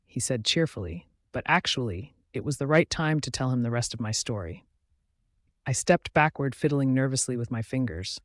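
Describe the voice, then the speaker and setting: A man reading a first-person fantasy romance as an audiobook, in a steady, expressive voice. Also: medium pitch, normal speed, no echo, clean studio sound. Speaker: audiobook narrator.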